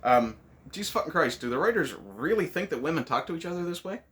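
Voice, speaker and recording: A man's voice: fairly high pitch, expressive, quick pace, fairly bright tone. A man hosting a casual movie review, ranting sarcastically with lots of swearing.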